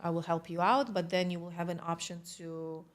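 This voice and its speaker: A woman's voice: on the low side, fairly even intonation, brisk. A woman from Israel with an Israeli accent, a podcast guest telling a story in casual conversation and acting out the dialogue, with non-native grammar.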